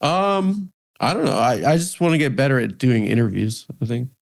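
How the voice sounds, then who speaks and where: A man in his thirties, a comedian guest in a casual interview, talking in halting starts with lots of fillers and self-mockery. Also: mid-range voice, animated, gravelly. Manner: halting, many restarts and "like" fillers, self-deprecating. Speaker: comedian and podcast host, guest.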